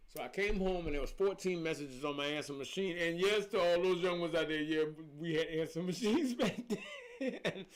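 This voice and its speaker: A man's voice: on the high side, normal speed, crowd noise. Emphatic man preaching on a livestream. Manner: emphatic, preachy storytelling with repetitions. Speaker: spiritual life coach. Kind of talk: casual livestream talk.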